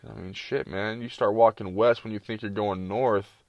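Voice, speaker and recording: A man's voice: on the low side, fairly even intonation, normal speed, no room sound, lo-fi sound. A man giving casual, rambling reaction commentary, full of profanity and slang. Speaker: streamer reacting to videos.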